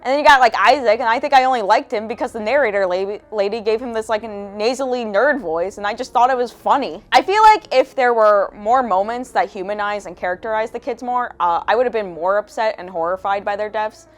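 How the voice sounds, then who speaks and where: A woman's voice: fairly high pitch, brisk, hardly any pauses, soft background music. A young woman giving a casual commentary rant as a video essayist, profane, sarcastic and exasperated.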